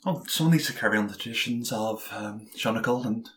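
A man's voice: lowish voice, fairly quick, fairly bright tone, natural voice. A man doing a bumbling old mentor. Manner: bumbling, fussy.

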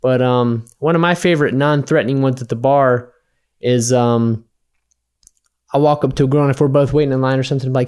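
A man's voice: medium pitch, moderate pace, darkish tone. A man rambling through a casual, profane chat, acting out his own bar conversations as he tells them.

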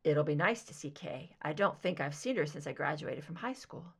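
A woman reading aloud voices a dry, wary grown son who is an FBI agent, lowering her voice for him. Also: lively intonation, normal speed, a bit bright, breathy edge, exaggerated voice. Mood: wry.

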